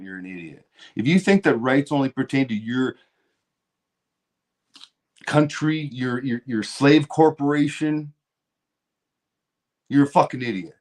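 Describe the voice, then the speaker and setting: A man's voice: medium pitch, a little mellow. A man hosting a podcast, ranting heatedly with constant swearing and repeated words. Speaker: podcast host. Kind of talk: profane political rant.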